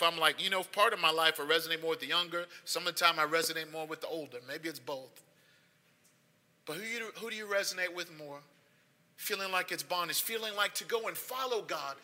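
A man's voice: high voice, bright, forceful tone. A man preaching a sermon as pastor, talking in a conversational way that rises into emphatic, repeated lines. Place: church sanctuary. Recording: long hall reverb.

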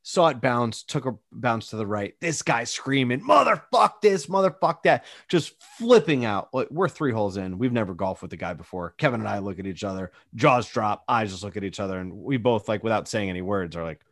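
A man's voice: on the low side, a little fast, hardly any pauses, dry recording, clean studio sound. A young man in casual chat as a podcast co-host, telling stories animatedly and acting out quotes. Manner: animated storyteller, acts out quotes.

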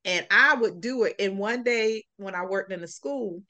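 A woman with a mid-range voice talks at normal speed while guesting on a podcast. It's a casual interview conversation, and she's lively, spinning sarcastic, comic anecdotes and acting out lots of quotes.

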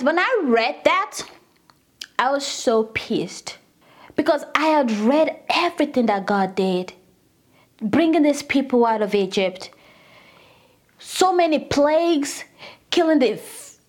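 A woman leading a casual Bible study, retelling scripture with animated, indignant asides. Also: sits high.

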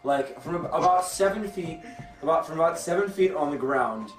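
A man's voice: on the high side, lively intonation, normal speed. A man narrating as game master in a tabletop game, hesitant and full of fillers. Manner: hesitant, restarts often with many fillers. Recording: roomy echo, distant from the mic, faint music.

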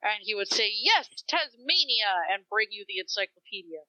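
A woman's voice: mid-range voice, steady tone, fast talker, pushed and bright, no room sound. A woman, a mother, telling wry stories in casual chat. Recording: dull, dry sound.

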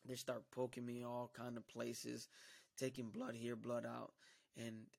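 A man with a gravelly voice gives a personal testimony in church. He tells it emphatically and acts out what others said to him. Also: mid-range voice, monotone, a little slow, darkish tone. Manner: emphatic storytelling, acting out quoted dialogue. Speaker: church member giving a testimony.

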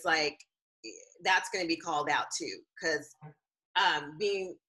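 A woman's voice: sits low, bright, forceful tone, poor audio. A woman co-hosting a casual live-streamed chat, talking earnestly with many fillers and restarts. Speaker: co-host.

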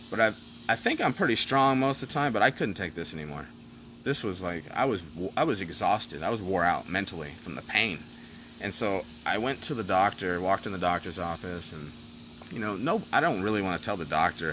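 Animated, profane man telling a story. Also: on the low side, fairly quick, background noise. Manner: animated, profane, rambling with many fillers. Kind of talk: casual personal storytelling.

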